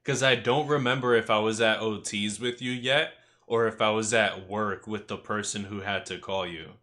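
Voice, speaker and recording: A young man co-hosting a podcast, chatting slowly and reflectively. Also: fairly low pitch, fairly even intonation, bright, forceful tone. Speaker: podcast co-host. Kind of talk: casual chat.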